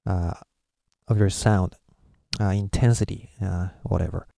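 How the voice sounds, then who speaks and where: Low, mellow-voiced man teaching a lesson. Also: steady tone, gravelly, no room sound, clean studio sound. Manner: halting, full of "uh" pauses, patient. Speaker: language teacher. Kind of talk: explaining a video lesson.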